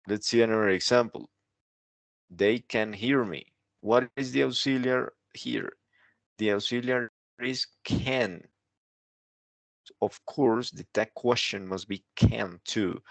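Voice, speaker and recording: A male teacher talks through a grammar lesson at an unhurried, deliberate pace, his fairly low voice carrying a gravelly edge. He keeps pausing to check in with the listener, and the sound is dry and close. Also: no room sound. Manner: explanatory, keeps checking with "right?". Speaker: English teacher.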